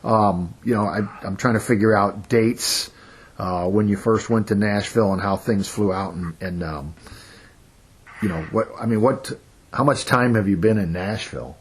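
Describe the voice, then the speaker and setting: A man with a husky voice hosts a casual interview. He asks rambling, hesitant questions and fills them with ums and you-knows. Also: lowish voice, moderate pace. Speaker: host.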